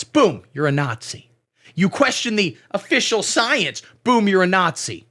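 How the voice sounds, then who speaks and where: Man, satire host, sarcastic, deadpan, raised pitch, gravelly fry. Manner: sarcastic, deadpan, bursts into profane rants. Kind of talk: scripted satirical monologue.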